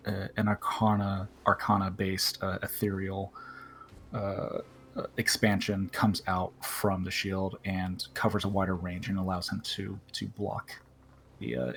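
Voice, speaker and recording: Low monotone guy, lots of uhs, describing his move, faint hiss behind. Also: measured pace. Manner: hesitant, full of filler sounds. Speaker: tabletop game player. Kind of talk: playing a tabletop game.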